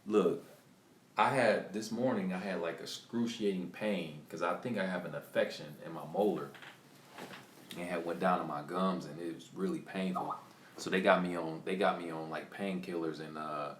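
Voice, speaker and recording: A man live-streaming to viewers, excitedly retelling a story with many restarts and acted quotes. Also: low voice, reverberant, a little hiss or hum. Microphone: computer mic on a live stream.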